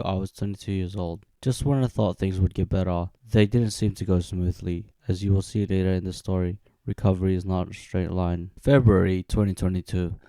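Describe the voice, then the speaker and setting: A young man in his twenties narrates his own story from a script, moving through dates and events at a steady, even pace. His voice sits low with a gravelly, creaky edge and a dark, mellow tone. The sound is dry and close. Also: dry recording. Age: 20s.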